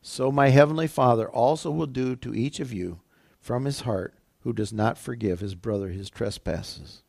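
A man's voice: mid-range voice, normal speed, vocal fry, darkish tone, no echo. A male pastor preaching a sermon, retelling scripture in a conversational, everyday way.

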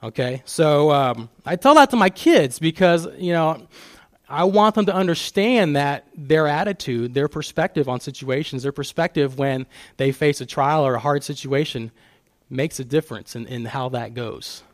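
A man's voice: a little high, moderate pace, no echo. A middle-aged man speaking as a guest speaker at church, telling personal stories with frequent restarts. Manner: personal storytelling with many restarts. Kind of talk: church talk on fatherhood.

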